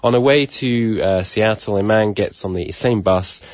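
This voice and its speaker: A man's voice: fairly low pitch, unhurried, dry recording, clean studio sound. A man chatting on a radio show about a film, with lots of hesitant ums and uhs. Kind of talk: casual radio chat.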